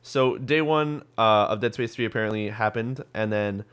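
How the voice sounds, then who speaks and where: A man's voice: lowish voice, moderate pace, a bit bright, clear, resonant tone. A young man hosting a podcast, chatting casually about gaming news with lots of ums and restarts. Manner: rambling, full of ums and restarts. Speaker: podcast host.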